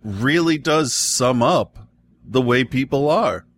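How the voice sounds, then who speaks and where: A man's voice: medium pitch, lively intonation, slow, no echo. A man co-hosting a casual chat, cracking blunt, profane jokes. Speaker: podcast co-host.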